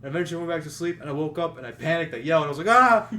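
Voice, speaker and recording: A man's voice: a little high, steady tone, racing. A young man casually telling a story to friends on a podcast, full of fillers and restarts. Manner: rambling, many fillers and restarts. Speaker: podcast host.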